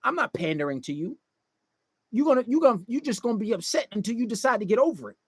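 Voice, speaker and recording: A man's voice: very high voice, sing-song, fast, husky, no room sound. A man giving dating advice in a casual livestream monologue, blunt and profane, lecturing and acting out quoted voices.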